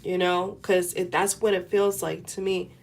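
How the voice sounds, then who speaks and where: Earnest low-voiced woman tarot reader. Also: level tone, unhurried, creaky, a little hiss or hum. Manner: repetitive, earnest, coaching tone. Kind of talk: casual tarot reading to camera.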